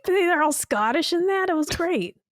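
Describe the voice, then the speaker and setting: Wry, foul-mouthed woman co-host; expressive voice, dry mic. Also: very high-pitched, moderate pace, no echo. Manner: sardonic, swears freely, jokes around. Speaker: podcast co-host. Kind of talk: casual podcast chat.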